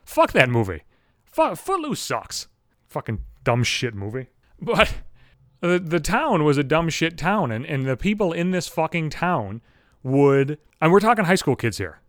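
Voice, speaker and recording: A man's voice: a little high, very animated, unhurried, a bit bright, dry recording, studio quality. Foul-mouthed exasperated man ranting. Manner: crude, exasperated, swears constantly. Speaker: podcast host. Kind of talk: profane comedic rant.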